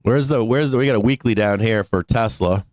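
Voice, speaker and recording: Blunt, profane trading-stream host, dry sound. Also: male voice, lowish voice, brisk, darkish tone, no room sound. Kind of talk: casual live-stream rant.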